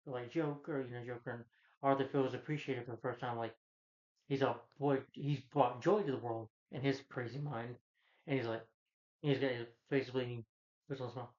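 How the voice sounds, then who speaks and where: A man's voice: medium pitch, dull audio. A man casually recapping a film plot in a rambling, filler-heavy way, as a movie reviewer talking to his viewers.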